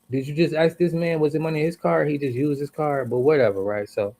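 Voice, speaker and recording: Man, gravelly voice, angry profane rant, livestream storytelling. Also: a little high, steady tone, fast, warm tone.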